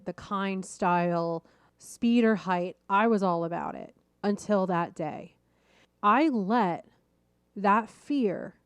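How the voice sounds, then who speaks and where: A middle-aged woman hosting a podcast, telling a personal story in a lively, self-deprecating way and laughing at herself. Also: medium pitch, clean tone, no echo. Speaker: podcast host.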